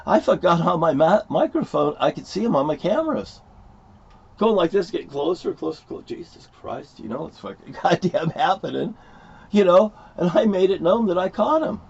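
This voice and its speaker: A man's voice: on the high side, a little mellow. A middle-aged man in a heated, rambling, profane rant at his home, repeating his points. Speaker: vlogger. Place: at his home property by a motorhome. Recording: dull lo-fi recording.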